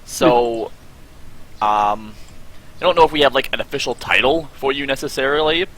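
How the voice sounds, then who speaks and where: A man's voice: medium pitch, normal speed, fairly bright tone, rough recording. A man hosting a gaming podcast, talking casually and rambling with many fillers. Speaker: podcast host.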